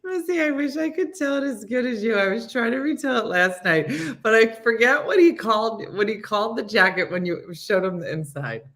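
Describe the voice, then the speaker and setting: A woman's voice: fairly high pitch, fairly quick. A woman hosting a casual morning show, telling a funny story with lots of laughing and acted-out quotes. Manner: animated storytelling, acts out quotes, laughs often. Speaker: host.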